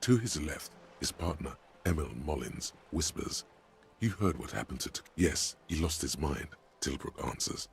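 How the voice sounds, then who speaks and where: A man narrating a video game as a grave, ominous voice, setting scenes slowly and tersely. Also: very deep voice, expressive, creaky, slight background noise, heavily acted.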